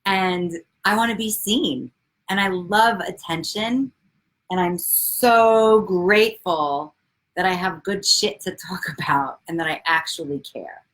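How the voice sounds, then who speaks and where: A woman in her forties hosting a casual live video chat, bubbly and excitable, swearing freely and greeting viewers by name. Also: medium pitch, takes it slowly. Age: 40s. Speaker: livestream host, coach.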